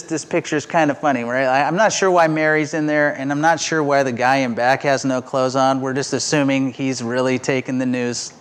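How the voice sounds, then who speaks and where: A middle-aged man giving a conversational, self-deprecating sermon as pastor. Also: a little high.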